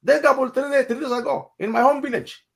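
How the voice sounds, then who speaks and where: Man, South Sudanese accent, impassioned debate host, high voice. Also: steady tone, fast, gravelly, fairly bright tone. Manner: impassioned, repeats himself for emphasis. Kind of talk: heated online debate.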